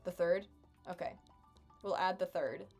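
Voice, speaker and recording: A woman's voice: on the low side, measured pace, a little mellow, breathy edge, soft background music. A young adult woman chatting casually with her live stream chat while gaming, sarcastic and chatty.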